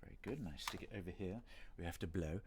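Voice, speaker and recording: A man's voice: low-pitched, fast, background noise. A middle-aged man from Britain chatting casually on a livestream signing session, rambling and self-deprecating with playful asides. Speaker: voice actor hosting a signing stream.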